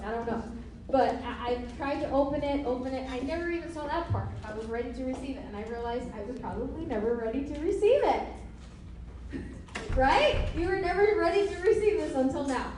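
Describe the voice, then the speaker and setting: High-voiced woman coaching a roomful, very echoey. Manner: playful, laughs often, acts out conversations. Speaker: business trainer. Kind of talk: motivational seminar talk to a live audience. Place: meeting room with an audience. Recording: very echoey room, mic far off, faint hiss.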